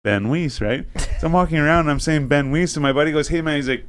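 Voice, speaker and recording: A man's voice: fairly high pitch, quick pace, a little hiss or hum. Rambling man full of likes. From Ontario, Canada. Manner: rambling, filler-heavy, swears often, tells stories. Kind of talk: casual chat.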